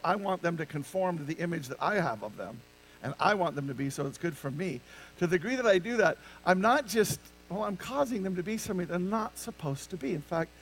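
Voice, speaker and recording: A man's voice: high voice, vocal fry, a little hiss or hum, rough recording. A male pastor preaching a conversational sermon to his congregation, often stopping to ask them rhetorical questions. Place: church sanctuary with a congregation.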